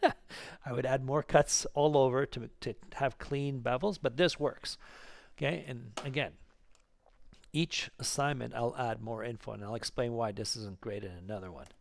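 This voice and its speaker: A man teaching 3D modelling in a screen-recorded tutorial, thinking aloud, counting clicks under his breath and getting excited at the results. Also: medium pitch, normal speed, creaky, no room sound. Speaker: 3D modelling instructor.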